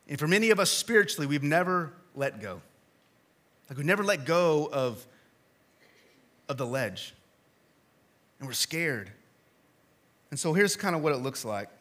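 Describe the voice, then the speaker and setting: A high-voiced male pastor in his thirties gives a relaxed, story-driven sermon in a church, moving between loud emphasis and quiet asides.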